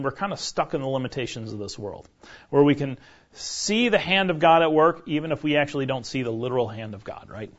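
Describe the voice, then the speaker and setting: A man teaching a conversational sermon, asking his listeners questions and checking in with "right?" as he goes. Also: fairly high pitch. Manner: chatty, keeps asking the room "right?". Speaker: pastor teaching a Bible study. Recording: dull lo-fi recording.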